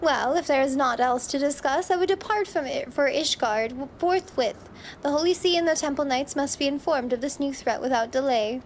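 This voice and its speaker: A woman voicing a composed noblewoman commander, reading game dialogue in a measured, formal way. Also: high-pitched, slight background noise. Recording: game music playing underneath.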